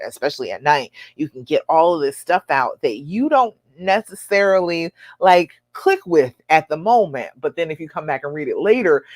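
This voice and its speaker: Low-voiced woman coaching viewers live. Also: dry recording. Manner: earnest, encouraging, acts out imagined inner voices. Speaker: relationship coach hosting a live show. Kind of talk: live-stream advice talk answering viewer questions.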